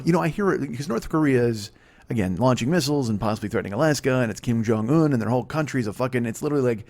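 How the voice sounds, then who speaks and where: A man's voice: mid-range voice, a little mellow. A man in his forties hosting a comedy podcast alone, delivering a rambling, profane monologue that keeps interrupting itself. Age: 40s.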